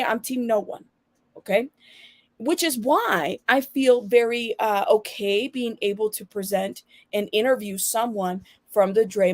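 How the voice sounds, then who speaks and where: A woman's voice: a little high, no room sound. A woman hosting her own channel, talking bluntly and with sass straight to her viewers in casual commentary. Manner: blunt, sassy, addresses viewers directly. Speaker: channel host.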